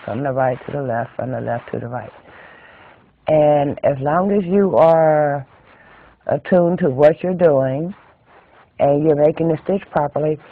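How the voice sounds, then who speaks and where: A man's voice: a little high, dry recording. A middle-aged man hosting a casual knitting tutorial, chatty and rambling, often repeating phrases, in a tinny, dry recording. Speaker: knitting channel host.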